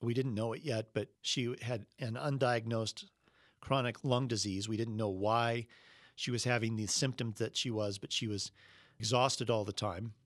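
A middle-aged man preaching a sermon, telling a personal story earnestly and slowing down when he quotes Jesus. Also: mid-range voice, fairly even intonation, dry recording, clean studio sound. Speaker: pastor.

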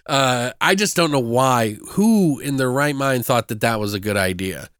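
A man recapping a movie in casual chat, animated and profane, sometimes mocking characters with put-on voices. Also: mid-range voice, moderate pace, clear, resonant tone, no room sound, clean studio sound.

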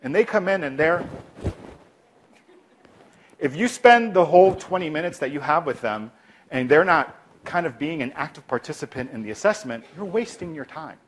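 Animated man teaching de-escalation. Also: a little high, normal speed, slight background noise. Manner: animated, acts out calm soft replies. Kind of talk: instructional talk.

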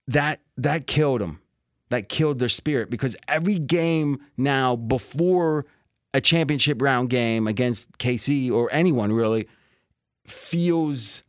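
A man's voice: medium pitch, dry recording, clean studio sound. A man hosting a sports betting talk show, chatting casually about football and laughing often. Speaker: sports betting podcast host.

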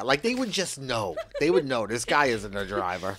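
A man's voice: mid-range voice, big pitch swings, moderate pace, fairly bright tone, slight background noise. A man co-hosting a podcast, trading wry, profane banter in casual chat. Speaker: podcast co-host.

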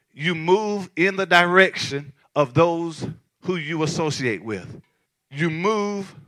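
A man preaching to his congregation with a bright, forceful voice pitched a little high. He talks like he's chatting with the room and jokes with the people in the pews. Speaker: pastor. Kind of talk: sermon. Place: church.

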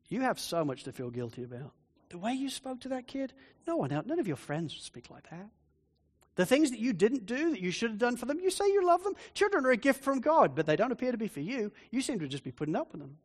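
Preacher doing a belittling devil voice, hushed and accusing, bright-toned, big hall reverb. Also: male voice, high voice, very animated, fairly quick, pitched above the performer's own voice. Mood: taunting.

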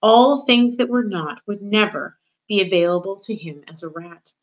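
A woman's voice: medium pitch, normal speed, poor audio. A woman reading a children's novel aloud, telling it expressively and voicing the characters herself. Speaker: reader.

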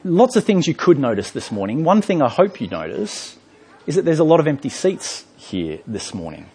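Animated preacher man. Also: on the high side, normal speed, slightly rough. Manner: lively, animated storytelling with rhetorical questions. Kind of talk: sermon. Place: church hall.

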